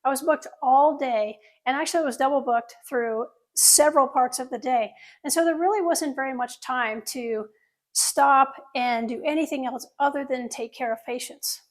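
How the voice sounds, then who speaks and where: Surgeon, female, middle-aged; high voice, earnest first-person storytelling with audience asides. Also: moderate pace. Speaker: plastic surgeon telling her story.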